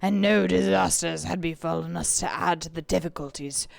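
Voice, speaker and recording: A woman voicing a grim, determined male sea captain, reading his log aloud in a slow, gruff put-on voice. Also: on the low side, fairly even intonation, dry recording, voice pushed down.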